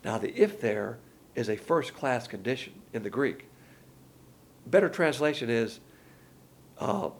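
A man's voice: mid-range voice, sing-song, measured pace, long pauses, husky. A man preaching a sermon, colloquial and emphatic, with slangy asides.

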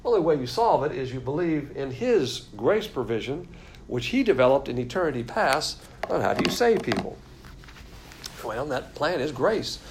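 A man's voice: mid-range voice, very animated, moderate pace, a little hiss or hum. A man teaching a Bible lesson from diagrams, explaining in a blunt, emphatic way.

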